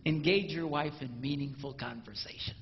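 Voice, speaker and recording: A man doing a stand-up comedy routine, animated and acting out spouses in mimicked voices. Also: fairly high pitch, normal speed. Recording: roomy live hall, dull lo-fi sound.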